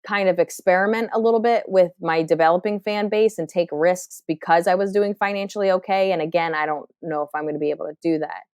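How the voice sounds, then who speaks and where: In a podcast interview, a woman comedian in her thirties from New Jersey speaks candidly, reflecting aloud with frequent fillers and restarts. Her pitch is fairly low and her intonation fairly even, and she talks fast with few pauses in a darkish, clear, resonant tone. It's a dry, studio-quality recording.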